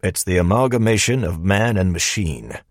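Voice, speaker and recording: A man's voice: low voice, lively intonation, moderate pace, no room sound, clean studio sound. A man voicing an impatient AI guide in an audiobook. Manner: impatient, matter-of-fact. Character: male AI guide speaking through earpieces, impatient.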